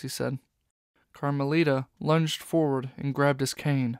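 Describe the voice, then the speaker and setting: A man reading an audiobook in steady, even scripted narration. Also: mid-range voice, unhurried, clear, resonant tone, dry recording.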